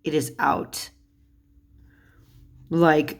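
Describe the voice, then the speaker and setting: Giggly low-voiced woman vlogger. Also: measured pace. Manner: giggly, laughs often while talking; chatty, with many fillers and casual swearing. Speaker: tarot vlogger. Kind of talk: casual vlog showing tarot cards.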